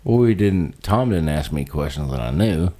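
A very deep-voiced man co-hosting a podcast, his pitch swinging widely as he talks. He is blunt and sweary and teases his co-host. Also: animated, normal speed, mellow. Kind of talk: casual chat.

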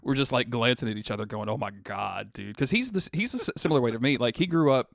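A man's voice: mid-range voice, very animated, quick pace, no room sound, clean studio sound. A man from North Louisiana co-hosting a podcast in casual chat. He laughs often, swears freely, and tells stories animatedly. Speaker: podcast co-host.

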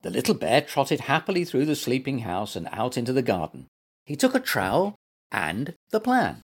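A man reading a children's story aloud as its storyteller, gentle and expressive. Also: medium pitch, moderate pace, husky.

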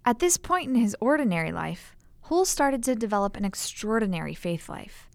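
A woman reading scripted documentary narration in an even, measured way. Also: medium pitch, vocal fry, no echo.

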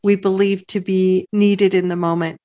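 A woman's voice: medium pitch, little pitch movement, normal speed, warm tone, dull audio. A woman hosting a casual interview, affirming and encouraging her guest. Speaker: podcast host.

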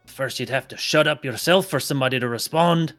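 A man voicing a stout, gruff male dwarf prisoner who speaks bluntly in a tabletop game. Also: medium pitch, a little fast, fairly bright tone, soft background music, lightly acted. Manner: blunt, rough-spoken.

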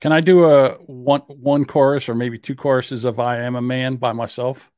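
A man's voice: medium pitch, fairly even intonation, normal speed, a little mellow, no echo. A man co-hosting a casual podcast, teasing his partner and laughing often. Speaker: podcast co-host. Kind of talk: casual chat.

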